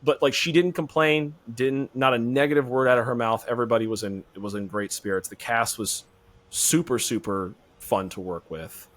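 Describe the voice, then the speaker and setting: A man being interviewed as a filmmaker guest on a podcast, talking in a relaxed, rambling way. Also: mid-range voice, normal speed.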